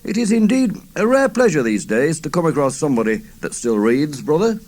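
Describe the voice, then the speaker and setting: A man's voice: a little high, very animated, fairly quick, darkish tone, voice pushed up. A man voicing a cocky young gang leader who speaks with sneering, exaggerated politeness. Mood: mock-polite.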